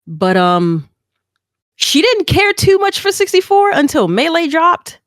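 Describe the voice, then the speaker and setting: A woman chatting on a podcast as a guest, telling a story with lively acted-out quotes. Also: measured pace, no room sound, clean studio sound. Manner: animated storyteller, acts out quotes in a high excited voice. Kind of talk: casual chat.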